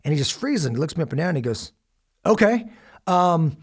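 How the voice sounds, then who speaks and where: A middle-aged American man telling a story as a guest, animated and acting out quoted lines with sudden loud bursts. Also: on the high side, very fast, husky. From United States. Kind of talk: storytelling in a conversation.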